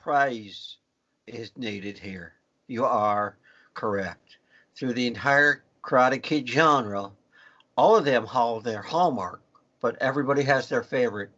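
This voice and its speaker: A man's voice: medium pitch, slow pace, pushed and bright. A man co-hosting a podcast, joking around and laughing easily, sometimes mock-solemn. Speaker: podcast co-host. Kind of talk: casual chat. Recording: dull lo-fi podcast audio.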